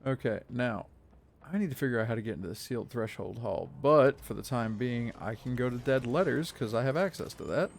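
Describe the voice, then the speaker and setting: A man in his thirties streams a game live, chatting in a rambling way with viewers between moves. His mid-range voice is animated, fairly quick and creaky, with a little hiss or hum in the recording.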